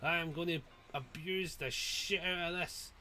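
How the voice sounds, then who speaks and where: A man giving live commentary on his own gameplay, swearing freely and breaking into panicked yells. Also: on the high side, unhurried, slight background noise. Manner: sweary, excitable, given to panicked yelling. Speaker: streamer.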